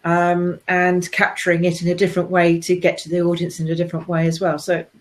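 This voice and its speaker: A woman host chatting casually and calmly about plans. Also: on the low side, quick pace. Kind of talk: casual chat.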